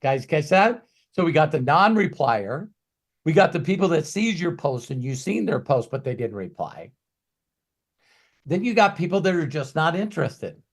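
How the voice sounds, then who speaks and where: Emphatic ranting man with a higher voice. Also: very animated, moderate pace. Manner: emphatic, ranting, swings from quiet to loud. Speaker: business coach. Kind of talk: motivational Q&A coaching talk.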